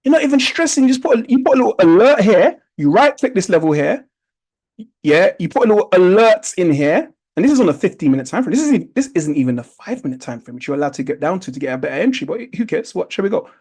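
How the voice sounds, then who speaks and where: A man with a notably high voice walks students through a chart in a live online trading class. He coaches by repeating key points and asking rhetorical questions, heard through a video-call mic. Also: big pitch swings, quick pace, a little mellow, slightly rough, rough recording. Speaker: trading instructor.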